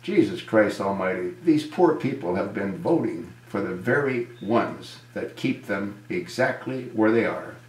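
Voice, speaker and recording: Indignant low-voiced man, echoey room. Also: expressive, unhurried, hardly any pauses. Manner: indignant, rhetorical questions. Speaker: video commentator. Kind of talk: political commentary monologue.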